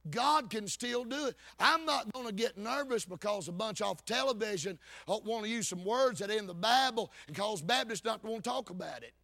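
A man preaches a sermon. His voice sits very high and sounds bright and forceful. He preaches in a fervent, folksy way, swinging between loud calls and low asides. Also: lively intonation, fairly quick, gravelly, few pauses. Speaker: Baptist preacher.

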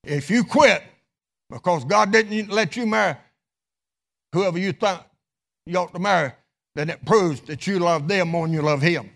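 Gravelly high-voiced impassioned preacher man. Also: moderate pace, long pauses. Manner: impassioned preaching with chanted, sung-out phrases; drops to a hushed voice in prayer. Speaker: pastor. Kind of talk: sermon. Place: church sanctuary.

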